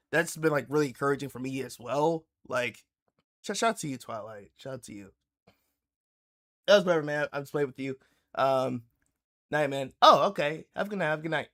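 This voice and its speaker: A man hosting a reaction livestream, chatting casually in a rambling, halting way with many restarts. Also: mid-range voice, a bit bright. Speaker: livestream host. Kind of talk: casual reaction stream chat.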